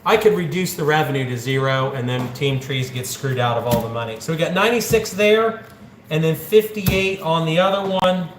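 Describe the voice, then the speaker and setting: A man from central Ohio talks casually on a livestream, joking and counting bills aloud. His voice sits a little high. The room sounds echoey, with a faint hum of ambience behind him. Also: moderate pace. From central Ohio, USA. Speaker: livestreaming channel host.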